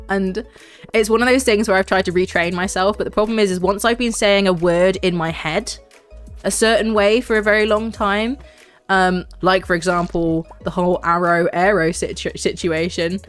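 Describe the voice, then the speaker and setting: A young woman, streaming a game and chatting casually in a rambling way, full of fillers. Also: mid-range voice. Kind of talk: casual gaming stream chat.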